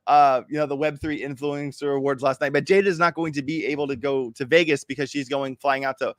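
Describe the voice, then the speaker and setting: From home in Miami, a man hosts a casual crypto trading livestream, walking viewers through charts in a chatty, hyped, joking way. His medium-pitched voice has fairly even intonation and a fast pace, in a dry, studio-quality recording.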